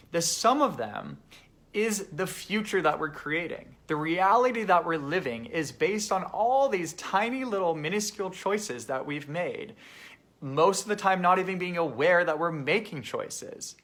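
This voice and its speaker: A man's voice: high voice, fairly bright tone. Earnest man hosting a live coaching talk. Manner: reflective, earnest and motivational. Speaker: life coach and show host. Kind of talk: casual direct-to-camera live talk.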